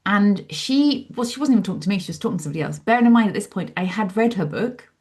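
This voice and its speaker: A woman's voice: medium pitch, racing. A woman, a psychologist telling her story in an interview and acting out her own past thoughts. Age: 40s. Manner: animated, acts out her own past thoughts in lively asides. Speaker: guest, psychologist and author.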